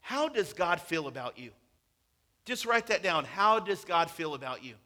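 Guy pastor preaching, chatty but emphatic, high bright voice. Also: big pitch swings, normal speed. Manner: conversational, emphatic, acts out quotes. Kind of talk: sermon.

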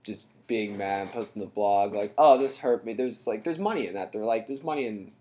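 A man co-hosting a podcast in relaxed casual chat, often soft and trailing off. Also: on the low side, normal speed.

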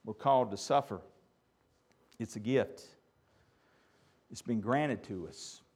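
A middle-aged man preaching a sermon as pastor, his voice rising to loud peaks and dropping to near-whispers. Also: medium pitch, slow, slightly rough.

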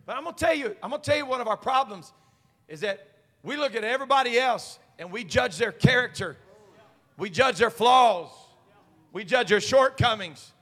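Male pastor, bright, forceful sermon voice, call-and-response, reverberant sanctuary. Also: very high voice, expressive, moderate pace. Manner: swings from quiet talk to shouted preaching. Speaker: senior pastor. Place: church sanctuary. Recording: long reverb of a church hall.

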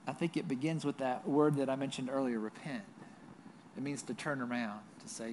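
A man's voice: medium pitch, steady tone, a little fast, a little mellow, slight background noise. A man pastor with a Southern US accent preaching a sermon in a conversational way, often checking in with "right?". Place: church.

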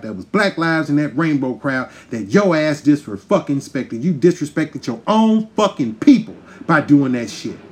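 A man's voice: mid-range voice, a little hiss or hum. Profane ranting man, heated and emphatic. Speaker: podcast host. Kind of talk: ranting monologue.

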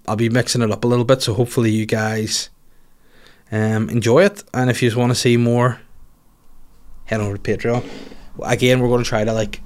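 A man in his forties with a Northern Irish accent, hosting a solo podcast in rambling, sweary, self-mocking casual chat. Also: medium pitch. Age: 40s. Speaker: podcast host.

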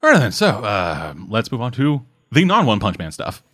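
A man co-hosting a casual anime podcast, bantering in a quick, wry way. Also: medium pitch, wildly swooping pitch, a bit bright. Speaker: podcast co-host. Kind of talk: casual anime review chat.

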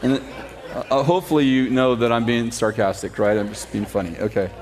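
Male pastor, mid-pitched, lively joking storyteller in the pulpit. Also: some chatter behind. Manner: animated storytelling with sarcastic humor and laughs; reads scripture slowly and steadily. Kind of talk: sermon.

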